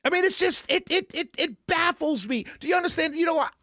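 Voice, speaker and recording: High-voiced man ranting in exasperation. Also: brisk, bright, forceful tone, no room sound, clean studio sound. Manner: exasperated, incredulous, stammering repetitions, scoffing laughs. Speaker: political commentary host. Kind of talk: off-the-cuff political rant.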